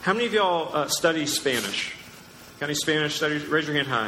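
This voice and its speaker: A pastor preaching a sermon, teaching emphatically and asking the crowd questions. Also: male voice, on the high side, lively intonation, a little fast, background noise. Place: large church hall. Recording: echoey church hall with long reverb.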